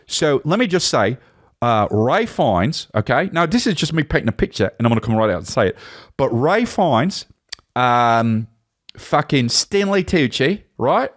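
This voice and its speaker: A man's voice: medium pitch, very animated, measured pace. A man impersonating an aggrieved veteran film actor who rants profanely at his agent. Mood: indignant. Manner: profane, indignant, hums a tune mid-rant. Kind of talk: comedic impression.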